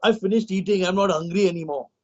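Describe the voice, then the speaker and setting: A man voicing a greedy king obsessed with gold, who talks in slow, craving, pleading lines, on a dull lo-fi recording. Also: high voice.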